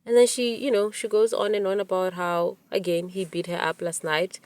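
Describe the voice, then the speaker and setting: A woman in her forties hosting a podcast, telling a personal story in an animated way, with many restarts. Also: medium pitch, moderate pace, no echo. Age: 40s. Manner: animated retelling with quoted dialogue, frequent restarts. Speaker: podcast host. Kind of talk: storytelling monologue.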